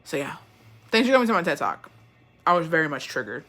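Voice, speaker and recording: Host ranting casually, foul-mouthed and worked up, with a bright, sharp edge. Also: medium pitch, fast talker. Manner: profane, animated, swears constantly. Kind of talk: casual rant.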